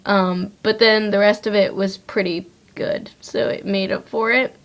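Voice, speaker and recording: A woman's voice: medium pitch, steady tone, measured pace. A teenage girl chatting casually to her webcam while wiping off her makeup, rambling with lots of likes and ums. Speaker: vlogger. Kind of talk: casual chat to camera.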